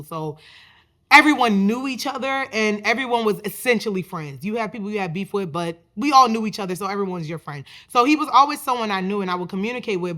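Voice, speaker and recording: A woman in her twenties hosts her own podcast, telling a personal story in a loose, chatty monologue. She talks in an animated way, full of "like" and restarts, at a middle pitch. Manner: chatty, animated, many fillers like "like". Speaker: podcast host.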